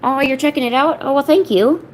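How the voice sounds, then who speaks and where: A woman's voice: sits high, fairly quick, slight background noise, rough recording. Rambling woman chatting while she paints. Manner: rambling, self-interrupting, soft baby talk to her cat. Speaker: art streamer. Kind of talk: casual chat while painting. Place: home, indoors.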